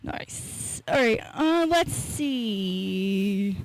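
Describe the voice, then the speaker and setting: A woman doing a stand-up set in a small live comedy room, rambling and deadpan, with self-mocking asides into a stage mic. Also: mid-range voice, very slow, creaky, no room sound, rough recording.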